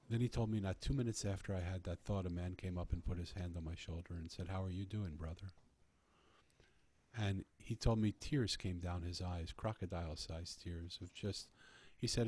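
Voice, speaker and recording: A man's voice: sits low, steady tone, normal speed, mellow. A man earnestly telling a personal story in conversation, often restarting his phrases. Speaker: podcast guest telling a story.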